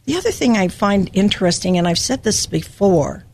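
A woman's voice: medium pitch, expressive, moderate pace, darkish tone. An older woman from Hawaii giving a personal, emotional devotional Bible teaching as a podcast host.

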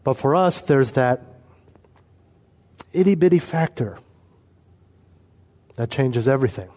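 A man preaching an expository sermon, earnest and emphatic, slowing down to stress key points. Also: medium pitch, animated, dark tone. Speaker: pastor.

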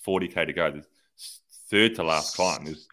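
A man's voice: low voice, normal speed. A man co-hosting a cycling podcast, animatedly retelling race tactics in casual chat. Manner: animated storyteller, acts out radio exchanges. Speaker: podcast co-host, former pro cyclist.

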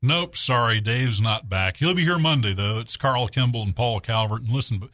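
A man's voice: medium pitch, moderate pace, a bit bright, dry recording. A man filling in as a radio talk show host, chatty and folksy, telling jokes between segments in a studio. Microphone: studio mic.

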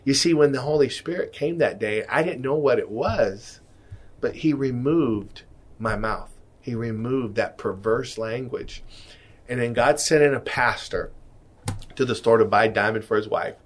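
A man in his fifties, a guest giving an earnest, emotional personal faith testimony, often dropping soft. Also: medium pitch, unhurried. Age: 50s. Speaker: guest, jewelry business owner.

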